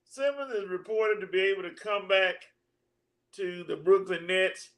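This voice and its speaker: Easygoing high-voiced male co-host. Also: measured pace, a bit bright. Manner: easygoing, laughs at his own jokes, tosses questions. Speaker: sports talk show co-host. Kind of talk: casual sports banter.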